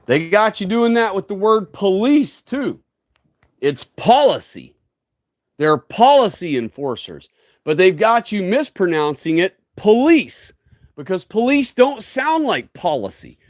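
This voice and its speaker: A man's voice: high voice, big pitch swings, a little slow, dry recording, studio quality. A man hosting a solo livestream, delivering a preachy, emphatic rant full of tag questions like "okay?" and "right?". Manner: ranting, preachy, emphatic lecturing. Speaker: livestream host.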